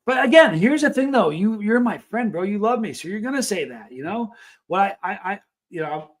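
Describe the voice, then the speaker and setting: A man's voice: high voice, big pitch swings, brisk. A middle-aged man hosting a casual livestream, reading out and answering chat comments in an earnest, rambling way with many restarts. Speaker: livestream host.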